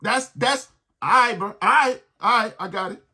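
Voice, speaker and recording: A man's voice: high voice, normal speed, sharp tone, husky. A man hosting a sports podcast, ranting in a heated, exasperated way and repeating his points.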